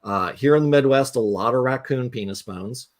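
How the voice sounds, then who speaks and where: A man's voice: medium pitch, normal speed. A man, a guest game designer, telling a rambling anecdote with lots of fillers on a casual live talk stream.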